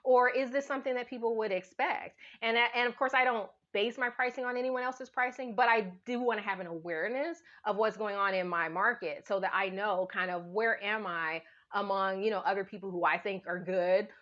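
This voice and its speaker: A woman's voice: medium pitch, steady tone, fairly quick, few pauses, a bit bright. A woman being interviewed on a podcast, explaining her approach step by step with frequent fillers. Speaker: podcast guest. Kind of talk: casual interview chat. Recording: dull, muffled sound.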